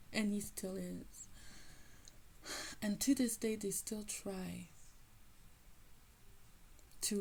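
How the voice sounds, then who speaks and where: A young woman giving a casual, emphatic spiritual testimony with a husky voice that often drops to a whisper. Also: medium pitch, warm tone, a little hiss or hum, low-quality recording. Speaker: testifying believer.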